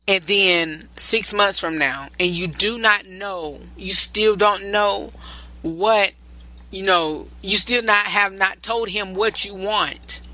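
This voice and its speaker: A man's voice: sits high, pushed and bright, low-quality recording. A male podcast host giving relationship advice in a rambling, repetitive and preachy solo talk.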